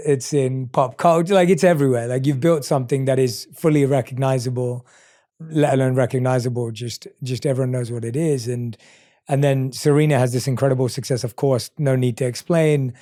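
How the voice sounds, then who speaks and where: A man hosting a podcast, asking thoughtful questions in a gentle, halting way. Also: mid-range voice, no room sound, studio quality. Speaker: podcast host. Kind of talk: reflective interview questions.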